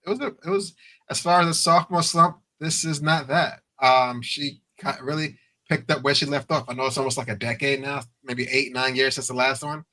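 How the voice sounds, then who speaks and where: A man's voice: mid-range voice, steady tone, a little fast, bright, forceful tone, low-quality recording. A man co-hosting a podcast, talking in a laid-back, slangy way and laughing often. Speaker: podcast co-host. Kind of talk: casual chat.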